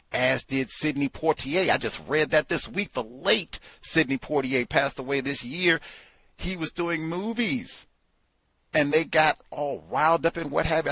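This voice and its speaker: Male host, book club commentary, husky and lively, incredulous and sarcastic. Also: medium pitch, no room sound. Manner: animated, incredulous, sarcastic asides. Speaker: podcast host.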